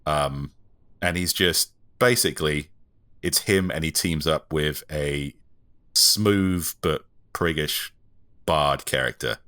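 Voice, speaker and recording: Man, very low and bright-toned, dry, close dry mic, casual podcast chat. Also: slow, smooth, dry recording. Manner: dry, joking storyteller. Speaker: podcast co-host.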